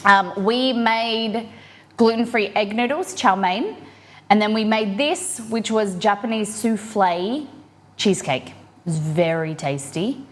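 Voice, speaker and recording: A woman's voice: mid-range voice, slow pace. A woman, chatting upbeat to her viewers while she cooks in her home kitchen. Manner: chatty, upbeat, reacts to chat while cooking. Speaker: cooking streamer. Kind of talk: live cooking stream chat.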